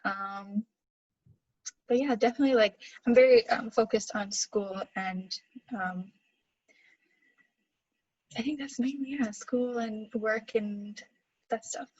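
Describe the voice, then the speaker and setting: A woman's voice: fairly high pitch, slow pace, long pauses, a little mellow, dry recording, muffled recording. A young Canadian woman with a Canadian accent, a guest answering in a giggly, hesitant way with many fillers. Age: young adult. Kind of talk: casual video-call interview.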